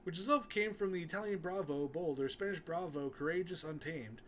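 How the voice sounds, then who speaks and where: A man's voice: fairly high pitch, fairly quick, a bit bright, a little hiss or hum. A man giving an angry, profane rant in a video commentary, swearing constantly.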